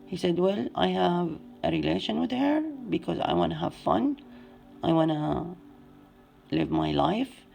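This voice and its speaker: A woman in her forties with an Arabic accent, a native Arabic speaker, telling her own story in plain, halting English. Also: on the low side, animated, gravelly, warm tone, soft background music. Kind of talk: personal testimony.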